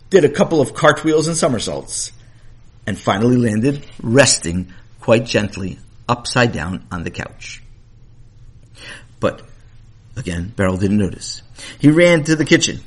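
A man telling a children's story with animated, playful narration and asides to the listener. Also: medium pitch, measured pace, husky.

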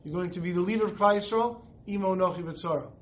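Male Torah teacher, high voice, storytelling and acting out the lines. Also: quick pace. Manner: storytelling, acts out dialogue. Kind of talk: recorded Torah class.

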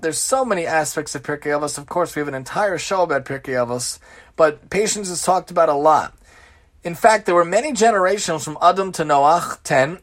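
A man hosting an informal Torah lesson who piles up repeated, emphatic lists. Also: on the high side. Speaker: religious teacher and show host.

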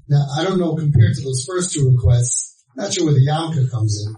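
A man's voice: high voice, normal speed. A man giving a storytelling talk to a live audience, joking and acting out the dialogue as he counsels families. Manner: animated and joking, acts out the dialogue. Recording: echoey, voice from far off.

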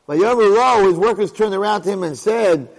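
A man's voice: high voice, moderate pace, big-room sound, low-quality recording. A middle-aged man teaching a Torah class, emphatic and fond of rhetorical questions, often restarting his sentences. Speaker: Torah lecturer.

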